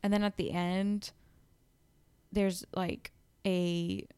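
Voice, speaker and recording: Smooth-voiced young woman chatting casually. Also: on the low side, flat delivery, extremely slow, a little mellow, dry recording. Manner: chatty, lots of "like" and "um", retelling book plots. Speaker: podcast co-host. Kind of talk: casual chat.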